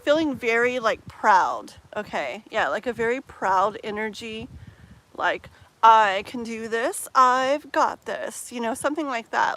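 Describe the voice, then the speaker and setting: A woman's voice: a little high, rough recording. Chatty woman doing live tarot. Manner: casual, filler-heavy, with soft laughs; slows down and muses while shuffling. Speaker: tarot reader. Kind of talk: live-stream tarot reading.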